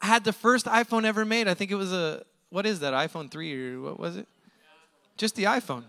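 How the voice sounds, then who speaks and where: A male pastor preaching a storytelling sermon in a casual, conversational way, with emphatic points and quick asides. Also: sits high, creaky, pushed and bright, in a large hall.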